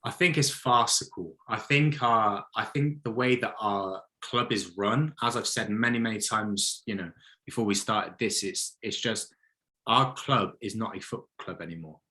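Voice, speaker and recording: A man giving his opinions in a casual football chat, animated and blunt, often acting out what others might say. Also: lowish voice, moderate pace. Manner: opinionated, animated, mock-quotes others in put-on voices. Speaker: podcast co-host, football fan.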